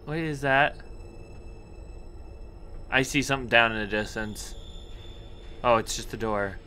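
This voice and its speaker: A man's voice: medium pitch, measured pace, pushed and bright, a little hiss or hum. A young man commentating a horror game, nervous and jumpy, chatting to objects around him and yelping at scares. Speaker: gaming YouTuber.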